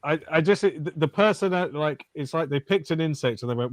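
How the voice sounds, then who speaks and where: A man guest on a film podcast, animated and laughing often as he chats. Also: on the high side, brisk, no echo. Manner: animated, laughs often, quotes lines in voices. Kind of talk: casual film discussion.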